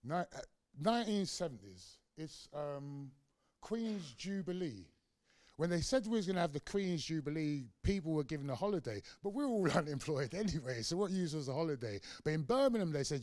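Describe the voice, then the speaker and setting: Older London man, activist lecturer, passionate storyteller, slightly high voice, dry close sound. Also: expressive, moderate pace, darkish tone, no echo. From London, England. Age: 60s. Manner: passionate storytelling, acts out dialogue. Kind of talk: public lecture. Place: lecture room.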